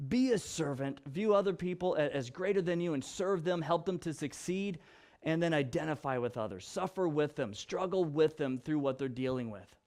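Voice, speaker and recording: A male pastor giving a casual Bible teaching, conversational and animated, often restarting and repeating words for emphasis. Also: on the high side, normal speed. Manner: animated and conversational, acts out examples; frequent restarts and emphatic repetition.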